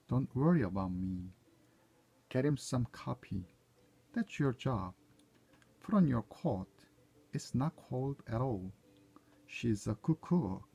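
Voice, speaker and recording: This man, a native Korean speaker, proofreads short everyday English dialogue by reading each line aloud, sometimes correcting himself as he goes. His medium-pitched voice is warm and husky, with some vocal fry.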